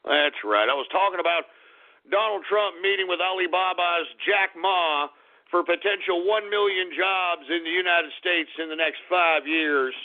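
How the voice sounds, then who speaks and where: A man hosting a radio talk show, ranting in an irate, profane way and swinging between shouts and mutters. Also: high-pitched, moderate pace. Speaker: radio host. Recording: tinny phone-like radio audio.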